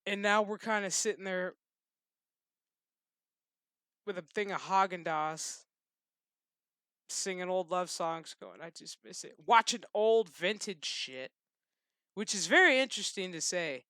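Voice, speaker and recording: A man's voice: high-pitched, expressive, a little slow, sharp tone, clean tone, dry recording, studio quality. A man who hosts his own channel, ranting in a loose, casual way, swearing and laughing as he goes. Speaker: channel host. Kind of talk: casual rant to camera.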